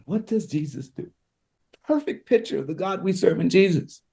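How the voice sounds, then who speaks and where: A male pastor retells a Bible story with the fervor of a preacher, stacking repeated words as his point builds. His voice swoops up and down with feeling, and its tone stays warm and mellow. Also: high voice, animated, moderate pace, vocal fry. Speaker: pastor, guest. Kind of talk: impassioned preacher-style storytelling.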